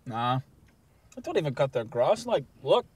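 An actor playing a gruff small-time crook who talks bluntly and bossily, swearing constantly. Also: male voice, mid-range voice, very animated, normal speed, a little mellow. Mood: irritated. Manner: blunt, profane, bossy. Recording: music behind.

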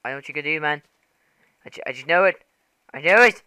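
A man's voice: a little high, animated, fast, bright, forceful tone, clear, resonant tone, dry recording. A man voicing a paranoid, panicky pig that is fleeing a player, his words climbing into frantic squeals. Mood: panicked.

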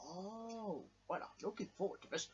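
A man's voice: high voice, normal speed, lo-fi sound, slight background noise, voice pushed up, close to an everyday voice. A man voicing a polite, easily scared male toy bear in a homemade toy show, whiny and pleading.

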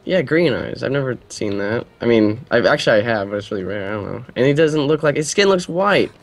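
A young man chatting with a friend over co-op gameplay, excitable and jokey. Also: medium pitch, a little fast. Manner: excitable, jokey, laughs a lot. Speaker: gamer. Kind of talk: casual co-op gaming commentary.

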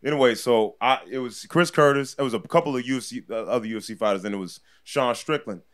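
A man telling a story as a podcast guest, animated and laughing often as he acts out what people said. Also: medium pitch, fast. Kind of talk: casual storytelling.

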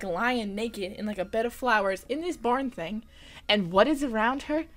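A young woman giving an animated, casual movie recap, full of "like" and blunt, incredulous asides. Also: a little high. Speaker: vlogger.

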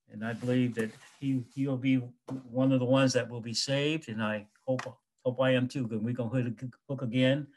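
A middle-aged American man giving an emotional, halting remembrance of a lifelong friend. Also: medium pitch, steady tone, a little mellow. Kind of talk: heartfelt personal remembrance.

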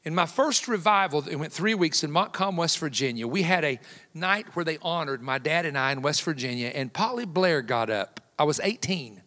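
A man in his fifties, a guest evangelist preaching a sermon with folksy, joking personal stories that build to loud emphatic peaks. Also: a little high, expressive, moderate pace. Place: church sanctuary. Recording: long hall reverb in a church.

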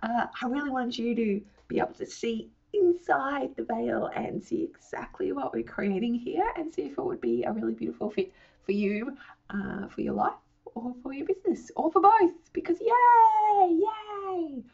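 A bubbly woman talks through a casual promotional walkthrough, her voice husky and hoarse from a chest infection, with a gravelly fry and a breathy edge. She is effusive and swears playfully. The audio is slightly dull and lo-fi. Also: a little high, animated, normal speed, warm tone. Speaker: founder presenting her online academy.

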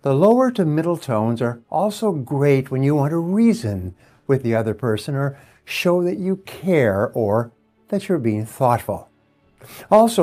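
Man giving a measured self-help talk. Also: mid-range voice, dark tone. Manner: measured, explanatory, stresses key words. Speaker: motivational speaker.

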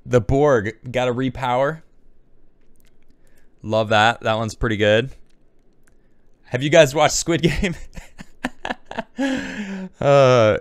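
A male host talks casually through a pile of memes, rambling and thinking out loud as he goes. His voice sits at a middle pitch for a man. The recording is close and dry, with no room sound at all. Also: smooth, no echo. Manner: rambling, chatty, thinks aloud. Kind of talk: casual commentary, reacting to memes.

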